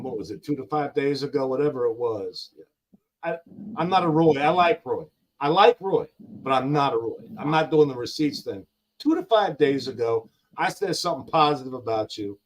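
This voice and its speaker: Older man with grandkids, guest on a talk stream. Emphatic, slangy, lively pitch. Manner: heated, emphatic, slangy, repeats lines for effect. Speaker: guest on a live gig-driver talk show. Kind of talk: casual live-stream chat.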